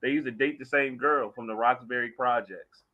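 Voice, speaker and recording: A man's voice: medium pitch, moderate pace, narrow, tinny audio, a crowd in the background. A man co-hosting a casual sports chat, telling stories loosely with laughter. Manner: loose, animated storytelling with laughter.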